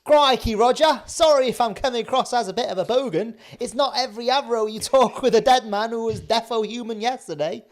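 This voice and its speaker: A performer reading a crude Australian bogan with a put-on Australian accent in a live script read, loud and blustering. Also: mid-range voice, brisk, few pauses, close to an everyday voice. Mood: blunt.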